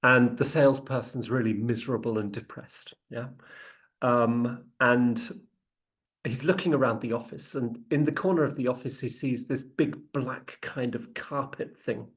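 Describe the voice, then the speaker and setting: Animated storytelling man with a mid voice. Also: mid-range voice, unhurried. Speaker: sales negotiation trainer. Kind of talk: lively anecdote with acted quotes.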